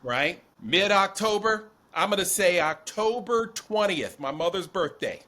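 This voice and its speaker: A man with a high, lively voice co-hosts a casual political chat. His tone is bright and forceful, and he drives each point home with emphatic insistence. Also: measured pace. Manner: animated, emphatic, predicting. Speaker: podcast co-host.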